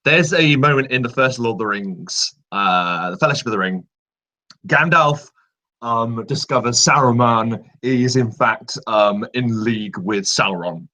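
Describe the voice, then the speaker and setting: Bright, lively man on a panel. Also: medium pitch, measured pace. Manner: animated, laughs while explaining. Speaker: panel guest. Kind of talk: casual live panel chat.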